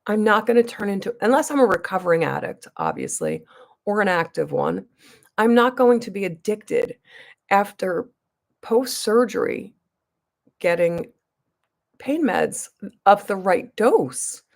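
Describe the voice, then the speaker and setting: A woman vlogger chats straight to her viewers, her voice carrying a gravelly creak. She rambles through a long story with plenty of restarts, and she stresses her points emphatically. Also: mid-range voice, sing-song, unhurried, pauses often. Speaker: beauty vlogger.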